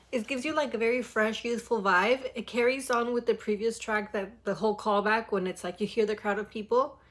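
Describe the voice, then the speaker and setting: A young woman hosting a music reaction, chatting in a gushing, excitable way and filling her talk with "like". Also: mid-range voice. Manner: gushing and excitable, full of filler likes. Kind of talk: casual reaction chat.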